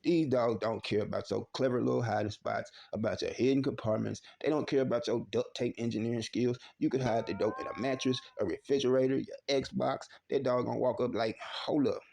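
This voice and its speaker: A man with a Texan accent hosting a comedic news show, loud and slangy as he jokes through the story. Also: medium pitch, fairly even intonation, a little fast, vocal fry, few pauses, a little hiss or hum. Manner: loud joking slangy delivery. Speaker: news commentary host.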